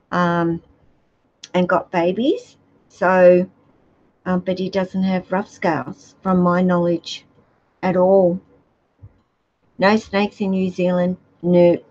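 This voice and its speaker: A woman's voice: fairly low pitch, a little mellow, highs cut off. An Australian woman keeping reptiles, chatting casually with viewers in a rambling, hesitant way. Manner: rambling, hesitant, many fillers. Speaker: reptile keeper vlogger. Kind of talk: casual chat answering viewer questions.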